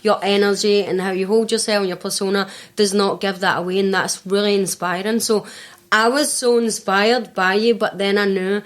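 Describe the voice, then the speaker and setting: Woman, Glaswegian accent, life coach, casual podcast chat, animated, laughing often. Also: mid-range voice, moderate pace. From Scotland. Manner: animated, laughs often while telling stories.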